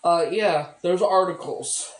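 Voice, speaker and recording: A woman's voice: lowish voice, slow pace. A woman venting in a bitter, tearful monologue, swearing heavily and repeating herself. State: upset and tearful. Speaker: vlogger. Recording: echoey room.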